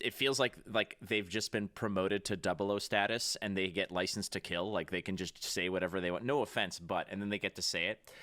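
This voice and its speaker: A man in casual podcast chat, telling a story and acting out the back-and-forth. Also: on the low side. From Canada. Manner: animated storyteller acting out dialogue.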